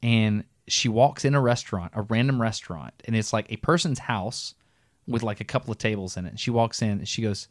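Animated man telling a story, dry sound. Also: lowish voice, a little fast, dry recording. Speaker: podcast co-host. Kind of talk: casual storytelling chat.

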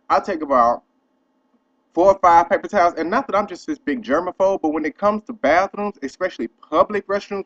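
A young man tells a story straight to camera in a loose, profane, animated rant. His voice sits a little high for a man. The audio is dull and lo-fi. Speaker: vlogger. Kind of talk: casual ranting vlog.

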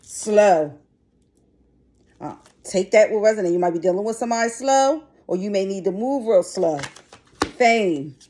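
A woman's voice: mid-range voice, lively intonation, a little fast, warm tone. A middle-aged woman giving a casual tarot reading to her viewers, talking bluntly and chattily and swearing freely. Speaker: tarot reader. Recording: noisy background.

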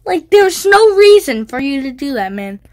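A woman's voice: high-pitched, sing-song, moderate pace, a little mellow. A woman giving goofy, teasing gameplay commentary, yelping and squealing when she gets hit. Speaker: gaming video creator.

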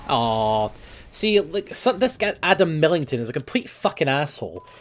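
A young man giving casual gameplay commentary, swearing often and grumbling at his team, quick to flare up. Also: fairly high pitch, sing-song. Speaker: gaming video host.

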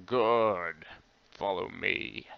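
Text-game wizard: a proud, exhausted old sorcerer voiced by a man, booming. Lo-fi recording. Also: very slow, gravelly, smooth, exaggerated voice. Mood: curt. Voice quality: booming, put-on foreign-sounding accent. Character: proud, weary old male court wizard. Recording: dull lo-fi recording.

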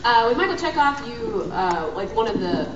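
A woman's voice: a little high, very animated, normal speed, over a noisy crowd. A woman on a convention panel, chatting in a wry, teasing way and giggling easily. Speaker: voice actor and director panelist. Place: hotel convention room. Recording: echoey hotel room from far off, muffled, noisy.

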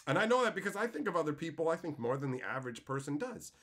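A man streaming live, chatting casually with his viewers in a loose, profane way that breaks into loud exclaiming. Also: fairly high pitch, very animated, fast talker. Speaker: streamer answering chat.

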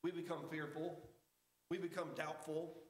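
A man preaching a sermon as pastor, emphatic, with rises and drops to a hush. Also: a little high, flat delivery, measured pace. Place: church sanctuary. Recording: echoey church sanctuary.

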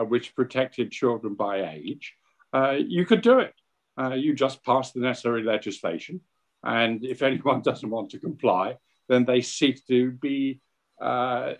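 Opinionated British man with many fillers. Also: medium pitch. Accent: British English. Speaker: essay contributor at book launch. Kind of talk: online panel discussion.

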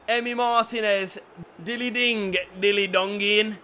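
A young man giving lively commentary over a football video game, dropping to quiet play-by-play and bursting into shouted cheers. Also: a little high, unhurried, long pauses, a little hiss or hum. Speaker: gaming YouTuber.

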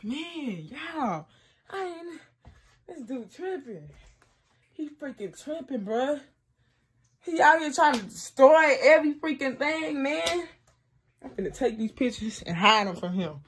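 A young woman vlogging casually to camera, excitable and slangy, often exclaiming in frustration. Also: sits high, measured pace, a little hiss or hum. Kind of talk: casual prank vlog talk to camera.

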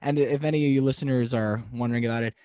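A man's voice: mid-range voice, steady tone, very fast, dark tone, smooth, dry recording. Young man hosting, hesitant and casual. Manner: hesitant, many ums and restarts. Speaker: podcast host. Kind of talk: casual chat.

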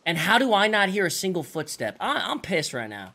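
A man's voice: high voice, very animated, brisk, bright, forceful tone. A man streaming a survival game, chatting casually with teammates in profane, exasperated bursts. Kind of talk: casual gaming chat with teammates.

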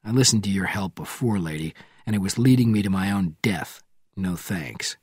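A man reading an audiobook, voicing a controlled male spy who speaks quietly and curtly. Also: expressive, normal speed, husky, dry recording, studio quality. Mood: firm. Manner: quiet, low and clipped.

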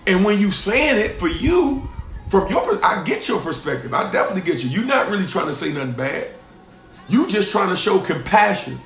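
Emphatic high-voiced male pastor preaching. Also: reverberant. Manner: emphatic, repeats lines for stress, swings from loud to hushed. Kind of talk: sermon.

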